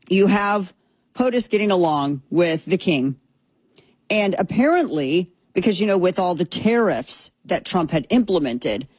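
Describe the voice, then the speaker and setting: A woman's voice: medium pitch, darkish tone, breathy edge, dry recording. A woman hosting a casual political commentary show, talking conversationally with restarts, asides and a wry tone.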